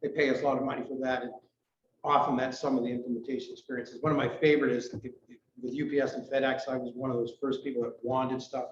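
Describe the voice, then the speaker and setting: A middle-aged man from Canada giving a rambling, hurried, self-deprecating talk to his club at a breakfast meeting. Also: medium pitch, little pitch movement. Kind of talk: informal members' talk. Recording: roomy, distant, dull recording with faint noise.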